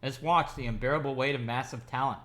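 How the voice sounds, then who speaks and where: A man's voice: mid-range voice, steady tone, fast, a bit bright. A man giving an enthusiastic, rambling movie review, talking casually with frequent restarts and fillers.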